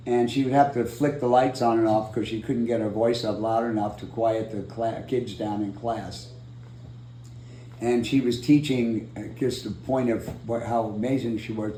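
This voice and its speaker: Animated male storyteller in an echoey room. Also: medium pitch, slight background noise. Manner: animated storyteller, acts out quotes. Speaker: oral history interviewee. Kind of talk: storytelling in an interview. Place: room in San Diego.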